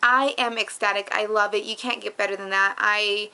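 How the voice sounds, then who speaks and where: A woman's voice: mid-range voice, steady tone, normal speed, pushed and bright, clean tone. A middle-aged woman giving an upbeat weight-loss update in a casual vlog, bubbly and effusive, repeating words for emphasis. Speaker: vlogger.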